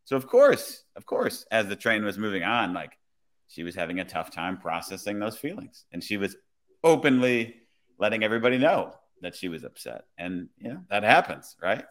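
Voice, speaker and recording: A man, a police officer, telling a work story in a relaxed, conversational way. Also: on the low side, moderate pace. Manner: relaxed, conversational, many "I was like" retellings. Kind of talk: casual storytelling.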